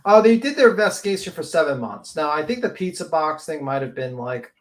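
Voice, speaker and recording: A man's voice: on the high side, sing-song, a little fast. A man co-hosting a casual podcast, talking hesitantly with lots of fillers. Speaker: podcast co-host. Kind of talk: casual chat.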